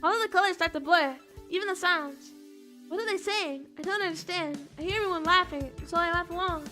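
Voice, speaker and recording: A woman's voice: extremely high pitch, fairly quick, pushed and bright, soft background music. A woman reading first-person narration as a dazed, overwhelmed teenage girl.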